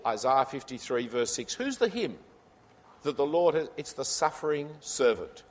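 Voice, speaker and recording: Preacher with a lively, emphatic sermon voice. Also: male voice, medium pitch, normal speed. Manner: emphatic, building to forceful climaxes; addresses listeners directly with rhetorical questions. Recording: long hall reverb.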